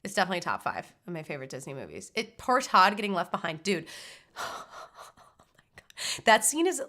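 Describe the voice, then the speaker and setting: A woman's voice: fairly low pitch, wildly swooping pitch, quick pace, bright, forceful tone. A woman streamer chatting casually about movies in a loose, slangy way, full of "like" and "dude" and casual swearing. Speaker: live streamer ranking movies. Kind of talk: casual live-stream chat.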